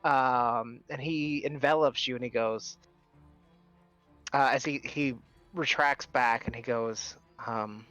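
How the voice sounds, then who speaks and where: A man's voice: mid-range voice, steady tone, takes it slowly, a bit bright, no room sound, soft background music. A man narrating as game master in a tabletop game, casual and rambling, with lots of fillers.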